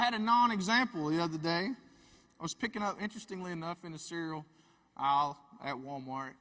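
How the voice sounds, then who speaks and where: A man's voice: high voice, pushed and bright. A man, a family therapist giving a humorous live talk, folksy and chatty with asides. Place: large hall with a live audience. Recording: reverberant hall.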